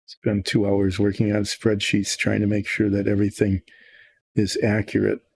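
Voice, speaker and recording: An older miniature-painting host speaks in a lowish, gravelly, husky voice with a completely flat delivery and moderate pace. He rambles casually as he paints, thinking aloud and poking fun at himself.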